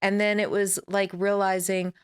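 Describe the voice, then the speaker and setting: A woman's voice: medium pitch, flat delivery, normal speed, clear, resonant tone. A woman in her forties, a podcast guest telling a personal story in a candid, rambling way and acting out her own past conversations.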